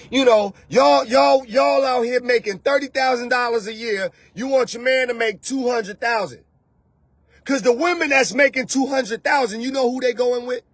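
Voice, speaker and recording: A man hosting his own show, ranting loudly and mockingly about dating, often slipping into soft mimicking voices. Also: high voice, breathy edge, no room sound. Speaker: host. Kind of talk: animated rant to camera. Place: lives in Atlanta.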